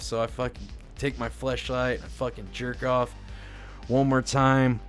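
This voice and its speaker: A man's voice: medium pitch, level tone, normal speed. Man, livestreamer, casual storytelling, rambling, crude, swearing, faint background music. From Indiana, US. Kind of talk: casual storytelling on a live stream.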